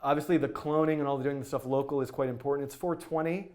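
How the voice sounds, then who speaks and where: Male live-stream coding host, high-ish voice, excitable, rambling, lots of fillers. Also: fast talker. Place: indoor studio.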